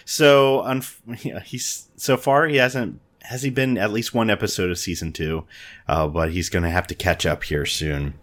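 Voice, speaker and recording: A man's voice: fairly low pitch, moderate pace, a bit bright. A man hosting a casual podcast chat, joking and laughing often. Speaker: podcast host.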